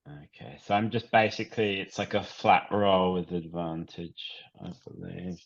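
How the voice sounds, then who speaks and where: A man playing a tabletop game, talking casually and haltingly about his moves. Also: deep voice, steady tone, gravelly, muffled recording. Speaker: player.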